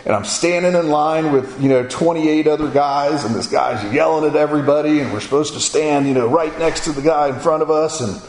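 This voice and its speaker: A man's voice: a little high, brisk, hardly any pauses. Folksy Floridian man telling a story. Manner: folksy, animated storytelling with acted-out quotes. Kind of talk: casual spoken memoir. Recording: echoey room with faint ambient noise.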